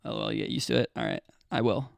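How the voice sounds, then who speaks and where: A man's voice: mid-range voice, fairly even intonation, quick pace, vocal fry, no room sound, clean studio sound. A young American man chatting casually with viewers on his live stream, laid-back and rambling, with lots of fillers and restarts. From United States. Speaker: livestreamer.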